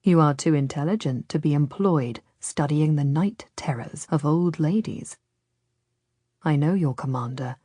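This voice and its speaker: A woman voicing a smooth, persuasive Ottoman nobleman who speaks quietly and gently in an audiobook. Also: deep voice, measured pace, no room sound, clean studio sound, pitched below the performer's own voice. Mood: coaxing, ominous.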